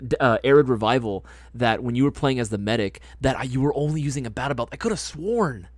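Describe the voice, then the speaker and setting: Animated, swearing man telling stories. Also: mid-range voice, fast, no echo. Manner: animated storyteller, swears freely, laughs often. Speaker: host. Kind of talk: casual chat on a live stream.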